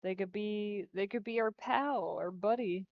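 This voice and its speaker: A woman's voice: medium pitch, unhurried, no room sound. A woman game developer chatting casually during a livestream as she works, giggly and rambling. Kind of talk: casual chat while working on a livestream. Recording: dull lo-fi stream audio.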